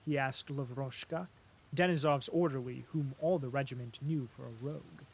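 A man narrating a classic novel in a measured, steady way. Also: medium pitch, creaky, slightly rough. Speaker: audiobook narrator. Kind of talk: scripted narration.

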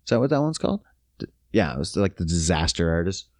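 A man's voice: sits low, big pitch swings, quick pace, a little mellow, no echo, clean studio sound. A man ranting casually, profane, sarcastic and rambling. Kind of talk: casual rant.

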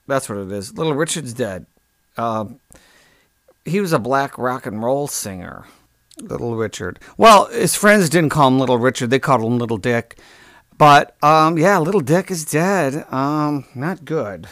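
A man hosts a comic podcast monologue, rambling in a deadpan way and often stopping to correct himself. His voice sits at a middle pitch. He talks close to the mic in a dry room. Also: a little slow, no echo. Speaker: podcast host.

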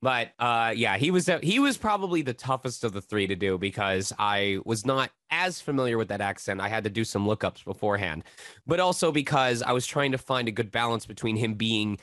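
A man who works as a voice actor muses through an interview, circling back and hedging as he thinks aloud. His voice sits at a middle pitch. The sound is dry, close and plain. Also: expressive, brisk, fairly bright tone, no room sound. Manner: thoughtful, rambling, hedging. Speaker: voice actor, guest. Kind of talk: casual interview.

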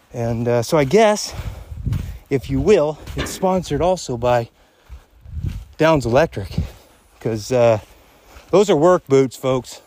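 A man's voice: medium pitch, darkish tone. A man hosting a casual podcast while walking uphill outdoors, a little out of breath, rambling, joking and swearing freely. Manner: crude, profane, joking and rambling. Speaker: podcast host. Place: outdoors on a hunting trip.

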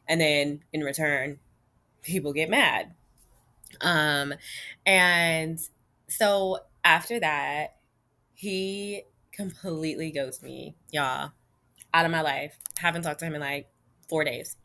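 Low, bright-voiced woman telling a candid story. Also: measured pace. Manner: chatty, frequent "like" and "you know", addresses viewers as "y'all"; frank and emphatic. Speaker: vlogger.

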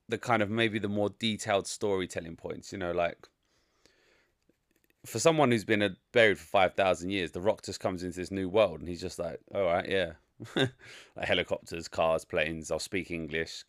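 A man's voice: fairly low pitch, fairly bright tone, dry recording, studio quality. A man giving a casual, frank and rambling spoken movie review, full of opinions. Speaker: film reviewer.

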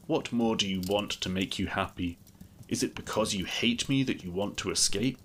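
A man voicing a gentle, sorrowful male beast in a storybook reading, speaking slowly and mournfully. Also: fairly low pitch, a little hiss or hum, natural voice.

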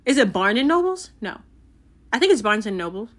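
A woman's voice: fairly high pitch, sing-song, brisk, fairly bright tone. A teenage girl chatting casually about books she loved, rambling and giggly with lots of fillers. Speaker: book vlogger. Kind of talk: casual book review chat.

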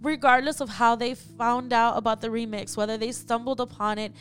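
A woman's voice: on the high side, fairly even intonation, a little fast. A young woman hosting a podcast, leading a fervent spoken prayer and calling on God again and again between phrases.

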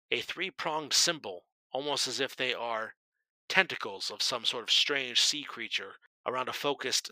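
A man's voice: medium pitch, sharp tone, dry recording, poor audio. A man narrating a tabletop game as game master, describing scenes vividly and dramatically.

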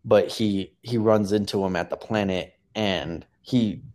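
Low-voiced young man recapping a show. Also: steady tone, unhurried, darkish tone. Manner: rambling retelling with many fillers and restarts. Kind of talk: casual chat.

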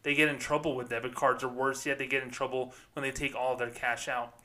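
Speaking fairly quickly with a sharp tone, this podcast host keeps his mid-range voice fairly flat in pitch. He's a former bank worker delivering profane, sarcastic ranting commentary about the banking world.

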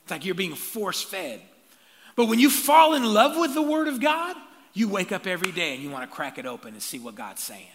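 A man preaches from the pulpit with a bright, forceful, somewhat high voice. He calls out to his congregation for responses and rises into shouts. The sound carries a long reverb from a large church sanctuary. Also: brisk, a little hiss or hum. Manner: energetic call-and-response preaching, rising to shouts. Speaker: pastor. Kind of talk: sermon.

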